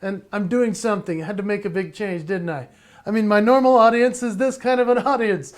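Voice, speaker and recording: A man giving a playful, energetic virtual keynote from his home, laughing often and slightly out of breath. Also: high voice, fairly quick. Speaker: motivational speaker and entertainer.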